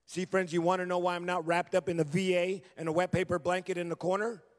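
A man's voice: high-pitched, little pitch movement, quick pace. A middle-aged man preaching a sermon as a guest, telling his story earnestly and acting out remembered conversations. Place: church sanctuary. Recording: long reverb of a large hall.

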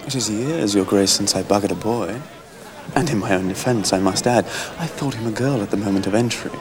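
A man's voice: fairly low pitch, a little fast, a crowd in the background, close to an everyday voice. An actor playing a sneering young nobleman. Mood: mocking. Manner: sneering, contemptuous. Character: cold, scheming young nobleman, man.

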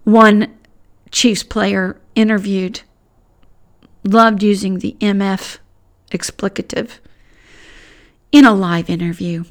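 A woman hosting a Christian commentary podcast, speaking in an earnest, pointed, conversational way. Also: medium pitch. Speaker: podcast host.

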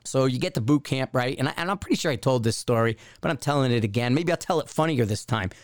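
A man's voice: mid-range voice, expressive, fast talker, dry recording, clean studio sound. A man hosting a podcast, telling a long personal anecdote in a casual, rambling way and acting out the voices of the people in it. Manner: rambling anecdote with acted-out quotes. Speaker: podcast host. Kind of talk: casual storytelling.

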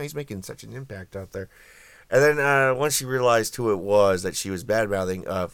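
Wry low-voiced man ranting. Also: fairly bright tone, no echo. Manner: wry, opinionated, many fillers. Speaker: podcast host. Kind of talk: casual political commentary monologue.

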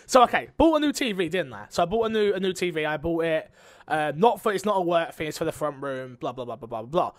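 A man with a British accent, co-hosting a casual podcast chat and telling a story in an animated, ranting way. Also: fairly high pitch, fast talker, no echo. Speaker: podcast co-host.

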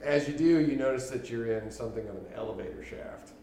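A man's voice: medium pitch, dark tone, recorded from a distance. Man running a tabletop game in an echoey room. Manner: measured, descriptive narration. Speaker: game master. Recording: echoey room with background noise.

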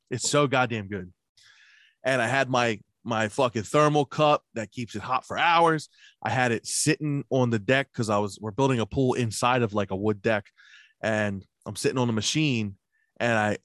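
A man with a medium-pitched, slightly bright voice chats casually in a dry, studio-quality recording. He tells long, profane stories about his workday, laughing along and acting out both sides of the conversations he remembers.

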